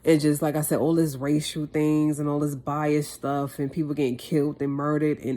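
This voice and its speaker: A woman's voice: low-pitched, warm tone. A woman vlogger speaking a heartfelt monologue to the camera, impassioned and repeating phrases for emphasis.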